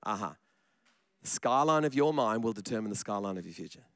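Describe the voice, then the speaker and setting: A man's voice: lowish voice, lively intonation, fairly quick, fairly bright tone, smooth, dry recording. A man preaching a sermon in church, chatty and joking, often repeating his words. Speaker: pastor.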